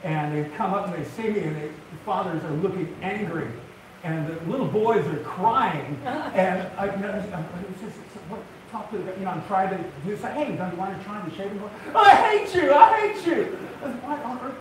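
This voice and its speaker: A man's voice: sits high, fairly quick. An older man telling funny stories as a woodworking TV host to a live audience, a folksy storyteller who gets worked up. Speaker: woodworking TV host giving a talk. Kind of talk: humorous live talk to an audience. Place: large event hall, live audience. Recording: echoey hall, distant mic, audience noise.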